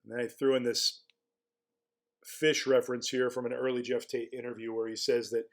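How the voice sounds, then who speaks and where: A man at a mid-range pitch gives casual spoken commentary as a blogger. He wonders aloud as he goes, putting rhetorical questions to the listener and stumbling back over his words before he pushes on. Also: little pitch movement, normal speed. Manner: musing, asks rhetorical questions, frequent restarts.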